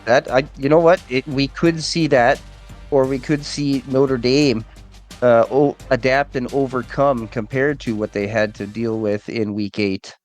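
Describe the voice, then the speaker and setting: Relaxed man calling a game. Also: medium pitch, unhurried, soft background music. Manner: relaxed, jokey, rambling. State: recovering from a cold. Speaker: play-by-play commentator. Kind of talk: casual game commentary.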